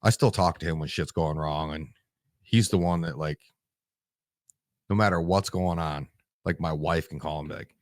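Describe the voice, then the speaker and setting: A man's voice: rumbling low, normal speed, long pauses, no echo, studio quality. A man in his forties from Michigan, a veteran guest telling stories bluntly and with lots of swearing in a casual interview. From Michigan, USA. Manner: blunt and profane, rambling.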